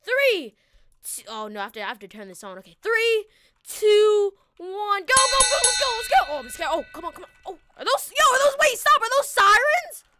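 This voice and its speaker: A woman commentating a police chase in a game, frantic and panicky, often shouting and repeating herself. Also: very high voice, very animated, fairly quick, very noisy. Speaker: gaming video creator.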